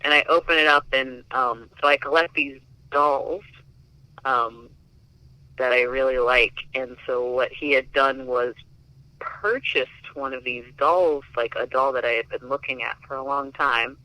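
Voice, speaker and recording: A man recounting a personal story in a relaxed, chatty interview. His tone is very bright and forceful, and his talk is loose and full of fillers. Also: mid-range voice, a little slow, no room sound, low-quality recording. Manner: chatty, filler-heavy with many likes. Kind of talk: casual storytelling.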